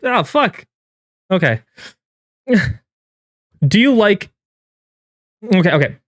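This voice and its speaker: A man streaming live, reacting in casual commentary with incredulous, swearing outbursts that jump up in pitch. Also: big pitch swings, slow, a bit bright, no room sound, clean studio sound. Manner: incredulous, swearing, rising to yelps of disbelief. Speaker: game streamer and YouTuber.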